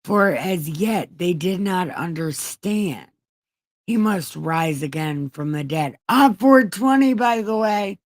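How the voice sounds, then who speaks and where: A woman's voice: deep voice, takes it slowly, no room sound. A woman hosting an online show, reading scripture aloud with irreverent comic asides and casual swearing. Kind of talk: comedic Bible reading.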